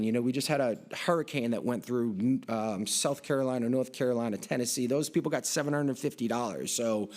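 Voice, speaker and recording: Man, middle-aged, conference presentation, rambling, lots of fillers and restarts, mid pitch. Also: darkish tone. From Boston area, United States. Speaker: conference speaker. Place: large conference hall.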